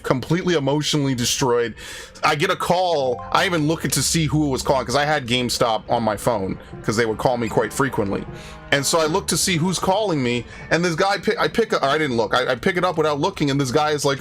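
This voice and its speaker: A man's voice: a little high, fairly quick, fairly bright tone. Sarcastic young man streaming a game. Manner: rambling, sarcastic, swears freely, tells anecdotes. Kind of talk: casual gaming commentary. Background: faint game music.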